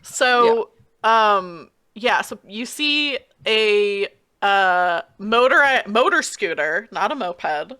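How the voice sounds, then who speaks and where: A woman's voice: mid-range voice, lively intonation, drawn-out words, pushed and bright, smooth. A woman playing a tabletop game, describing her scene hesitantly, giggling, with many fillers. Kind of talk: casual role-play narration.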